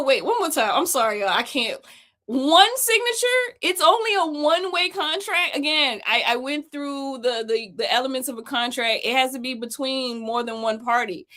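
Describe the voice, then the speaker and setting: A woman's voice: mid-range voice, fairly bright tone. A woman hosting a livestream, talking in a blunt, mocking way and laughing often as she goes through documents for her viewers. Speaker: host. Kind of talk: livestream commentary.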